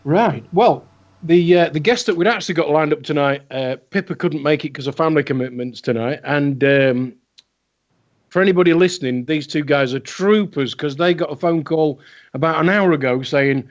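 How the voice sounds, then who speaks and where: On a laid-back chat show, this male co-host talks at a moderate pace in a fairly high voice, meandering and sprinkling in plenty of fillers. It sounds like a muffled, low-fidelity online call.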